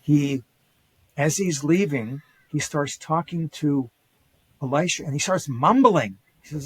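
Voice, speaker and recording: An older man with a slightly raised pitch and a husky edge, telling ancient stories as a podcast guest. He jumps into quoted dialogue and trips through restarts and fillers. The sound is close and dry. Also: measured pace, no echo, poor audio. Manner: animated retelling with acted quotes, many fillers and restarts. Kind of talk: casual storytelling lecture.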